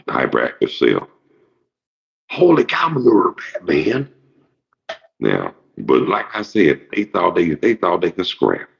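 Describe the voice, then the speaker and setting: Gravelly, very deep man in his fifties. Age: 50s. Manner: rambling, profane, jokey storytelling. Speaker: show host. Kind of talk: casual monologue. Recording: dull lo-fi recording.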